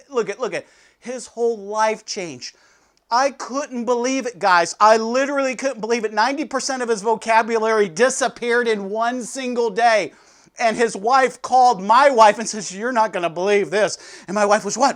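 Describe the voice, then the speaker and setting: A man giving a devotional sermon, telling a story with sudden swings between loud and soft. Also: high-pitched, normal speed. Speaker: pastor.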